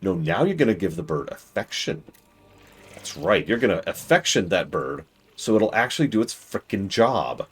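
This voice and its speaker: A low-pitched man narrates his gameplay live, his voice leaping all over the place as he berates the little characters on screen. He jumps from sudden shouted demands to quiet grumbling under his breath. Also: big pitch swings, normal speed, husky. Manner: exasperated, scolding the game's characters aloud; swings from loud outbursts to muttering. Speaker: streamer.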